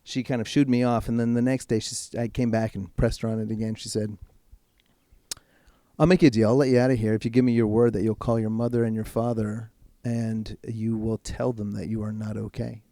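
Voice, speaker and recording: A man speaking as a podcast guest, telling a personal story in a frank, casual way and swearing freely, slowing right down when he wants to stress a point. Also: lowish voice, flat delivery, dark tone, no echo, studio quality. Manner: slows right down for emphasis. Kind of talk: candid personal storytelling in conversation.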